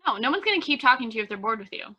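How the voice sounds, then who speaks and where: A woman's voice: a little high, racing, breathy edge, muffled recording. A woman in her twenties co-hosting a podcast, chatting and telling stories with lots of "like". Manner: chatty, animated storyteller, heavy use of "like". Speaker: podcast co-host. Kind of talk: casual chat.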